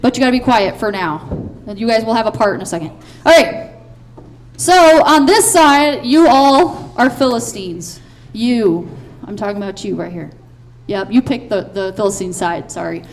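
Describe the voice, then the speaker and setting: A woman leading a children's Bible skit on a church stage, playful and upbeat, with quick cheering bursts. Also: mid-range voice, expressive.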